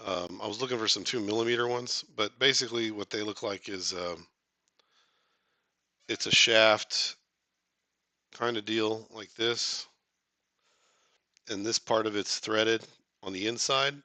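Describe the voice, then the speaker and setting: A man's voice: on the low side, steady tone, normal speed, sharp tone, no room sound. A man hosting a casual live stream, chatting with viewers in a rambling, joking way, full of fillers and restarts.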